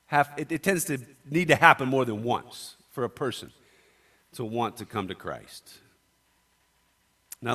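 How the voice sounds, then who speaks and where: A man preaching a sermon, talkative, moving between quiet asides and loud, emphatic declarations. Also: mid-range voice.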